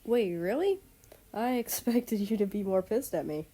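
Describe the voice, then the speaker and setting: A woman's voice: on the low side, animated, unhurried, dark tone. A woman voicing a sheepish, friendly young man apologizing in a read-aloud story.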